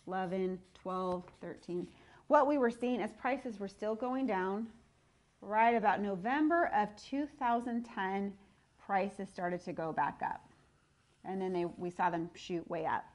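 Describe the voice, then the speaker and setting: Upbeat chatty woman real estate agent. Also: mid-range voice. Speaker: real estate team leader. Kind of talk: video market update. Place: filmed by a videographer.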